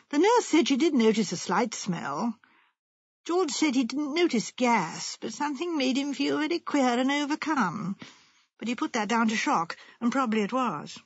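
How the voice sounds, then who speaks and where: A woman's voice: a little high, slightly rough, no echo, full character voice. A woman reading the lines of a blunt older colonel telling a story, in plain matter-of-fact narration. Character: retired English colonel, older man, blunt. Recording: muffled lo-fi.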